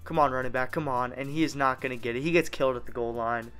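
A young man commentates on his own football video game, calling each play out loud. His voice is smooth and clear at a middling pitch, with faint game music underneath. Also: fast talker. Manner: excitable, narrates plays as they happen. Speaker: gaming YouTuber. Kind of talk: live gameplay commentary.

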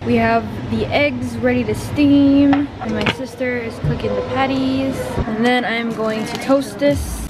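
A woman's voice: a little high, fairly even intonation, unhurried, hardly any pauses, over music. A young woman chatting casually to camera in a family vlog, upbeat and full of filler words. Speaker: vlogger.

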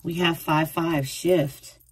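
A woman's voice: low-pitched, fairly even intonation, slow, breathy edge. A woman doing a casual tarot reading, rambling and repeating herself as she talks through the cards. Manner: chatty, rambling, repeats phrases, acts out quoted thoughts. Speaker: tarot reader.

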